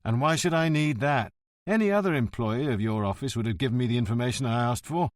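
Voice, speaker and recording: A man's voice: mid-range voice, fast talker, no echo, clean studio sound, close to an everyday voice. A man reading an audiobook, voicing a cunning, hot-tempered police inspector who talks in a biting, theatrical way. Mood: reasoning.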